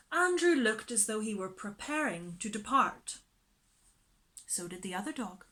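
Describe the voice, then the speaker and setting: A woman reading a children's storybook aloud in a slow, expressive way. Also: mid-range voice.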